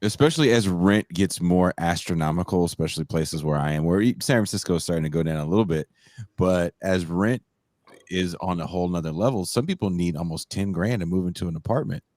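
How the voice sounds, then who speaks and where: A man's voice: low voice, fairly quick, a little mellow, no room sound, studio quality. A man hosting a podcast in casual, laid-back chat with loose swearing. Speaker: podcast host.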